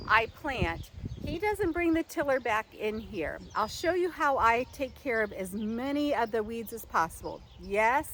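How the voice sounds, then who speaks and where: This older woman's voice sits fairly high with a fairly bright tone as she rambles through an informal how-to outdoors in her garden, stumbling over fillers and restarts. She's filming herself on a camera she positioned and angled on her own. The recording is rough, with a little hiss or hum.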